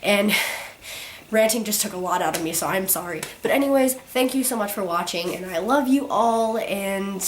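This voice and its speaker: A teenage girl vlogger ranting casually to camera, her sick voice cracking, filling every pause with "like". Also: medium pitch, expressive, a little hiss or hum. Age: teens. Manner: ranting, constant "like" fillers. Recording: roomy echo.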